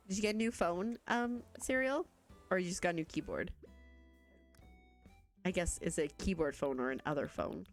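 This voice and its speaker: Young woman from Canada, chatty and rambling, low-pitched, faint game music behind. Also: animated, unhurried, pauses often. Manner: chatty, rambling, reads chat aloud, laughs often. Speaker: streamer. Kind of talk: casual chat while playing a game.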